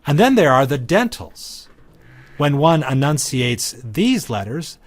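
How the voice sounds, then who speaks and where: A man's voice: fairly high pitch, very animated, slow pace. A man teaching Greek grammar in a recorded lecture, explaining each form patiently and methodically, with frequent ums. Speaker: Greek instructor.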